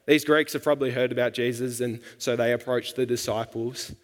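A man preaching a sermon in a relaxed, colloquial way, with casual asides. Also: mid-range voice, fairly quick. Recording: long hall reverb.

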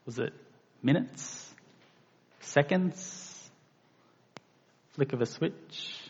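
A man preaching a sermon in a slow, deliberate way, with emphatic bursts now and then. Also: on the high side, vocal fry, a little mellow, breathy edge. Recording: dull reverberant hall recording.

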